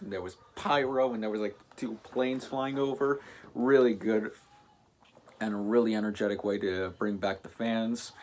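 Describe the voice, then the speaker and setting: A male host talks through a show review in a casual, rambling way. His voice sits somewhat low. He often stops to correct himself mid-sentence. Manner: rambling, self-correcting, many fillers.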